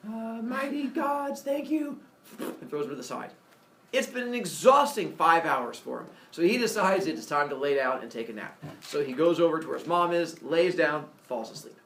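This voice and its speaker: Guy telling a myth like a comedy bit, lively pitch, lots of uhs, echoey room far from the mic. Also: fairly quick, gravelly. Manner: animated, jokey asides, many fillers. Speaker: storyteller. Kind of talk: casual comic myth storytelling.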